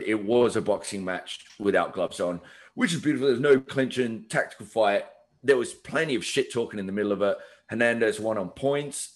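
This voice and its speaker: A man co-hosting a podcast, casually recapping fight action in animated storytelling with swearing and acted-out lines. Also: on the low side. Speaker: podcast co-host.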